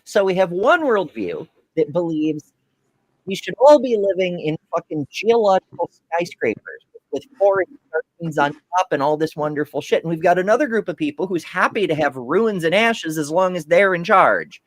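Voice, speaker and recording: A man in the middle of a casual podcast panel chat. He tells stories in a lively, swearing rush, his pitch swinging widely from line to line. The sound is dry and close, with no room around it. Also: moderate pace, dry recording. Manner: profane, animated storytelling. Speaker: podcast co-host.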